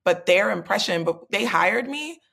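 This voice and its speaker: A woman hosting a podcast, relaxed and conversational, asking long rambling questions. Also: mid-range voice, normal speed, vocal fry, husky. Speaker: podcast host. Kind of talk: casual podcast interview.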